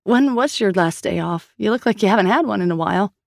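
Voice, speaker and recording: A woman narrator voicing a brisk, wry female investigator with a slightly raised voice. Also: medium pitch, expressive, gravelly, no room sound, clean studio sound, pitched above the performer's own voice. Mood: probing.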